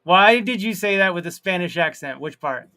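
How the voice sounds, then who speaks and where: Over slight background noise, a high-pitched man with lively intonation hosts a live stream. He chats casually, reads viewer comments aloud, laughs at his own jokes, draws out words, and erupts into sudden loud bursts.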